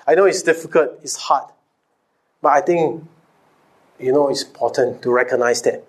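A man's voice: medium pitch, moderate pace. A man preaching a sermon, firing off rhetorical questions, calling back to the congregation and repeating key phrases for emphasis. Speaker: pastor.

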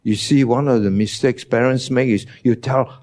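A man's voice: mid-range voice, fairly even intonation, moderate pace, a little mellow. A man preaching a teaching sermon, emphatic, his voice jumping up on key words, with non-native English phrasing.

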